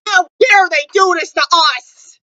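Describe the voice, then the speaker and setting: Super excitable teen reacting to a show, shrill bright voice, kinda muffled dry mic. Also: measured pace, no room sound. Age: late teens. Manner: loud and excitable, near tears. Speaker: TV show reviewer. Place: bedroom at home.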